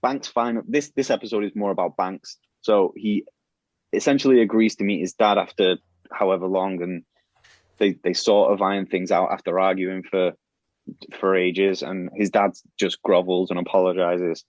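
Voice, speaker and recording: A man's voice: low-pitched, fairly even intonation, moderate pace, a little mellow, dry recording. A man on a podcast casually retelling a plot idea, rambling with many restarts and fillers. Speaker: podcast host pitching a show plot. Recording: dull, lo-fi and dry.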